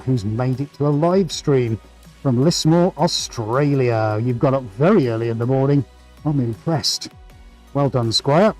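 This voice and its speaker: A man with a slightly high, slightly mellow voice hosts a live painting stream, chatting energetically and greeting viewers by name. It's casual live-stream talk while he paints, and the recording quality is rough.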